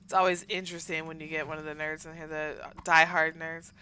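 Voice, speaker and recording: Chatty Southern woman with a bright voice. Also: low voice, brisk, a little hiss or hum. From Southern United States. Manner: chatty, rambling and excitable, with many fillers. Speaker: gaming channel host. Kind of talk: casual chat while playing.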